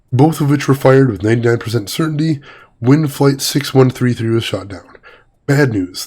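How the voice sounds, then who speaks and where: A man's voice: lowish voice, darkish tone, breathy edge. A man with a slightly weak voice hosting a let's-play, chatting, joking and reading game text aloud. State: voice a little weak. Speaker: gaming video host. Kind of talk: casual let's-play commentary.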